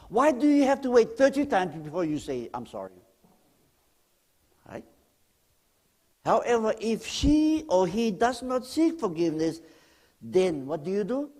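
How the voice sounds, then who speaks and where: A man preaching in church with a lively, animated voice pitched a little high. He swings from loud emphatic lines down to near-whispers and keeps asking the congregation questions. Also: moderate pace, pauses often. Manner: speaks directly to the congregation with questions. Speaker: guest pastor. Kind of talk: sermon.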